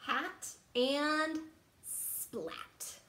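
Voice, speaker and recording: Woman teacher for a storytime read-aloud, playful and animated, in a room with noticeable echo. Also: high voice. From Texas. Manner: playful and animated, pauses for kids to guess, hushed asides. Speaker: teacher reading to children. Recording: roomy echo.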